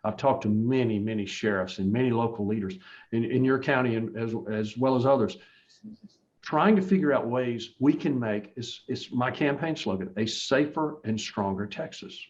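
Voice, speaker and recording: A man's voice: mid-range voice, normal speed, darkish tone, highs cut off. A man running for office, answering interview questions in an earnest, emphatic way with frequent restarts. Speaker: political candidate.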